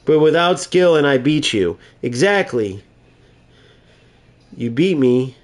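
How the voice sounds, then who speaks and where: A man's voice: fairly high pitch, lively intonation, takes it slowly. Exasperated man ranting about a game. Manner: exasperated, mocking rant. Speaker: gaming YouTuber. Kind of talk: ranting gameplay commentary.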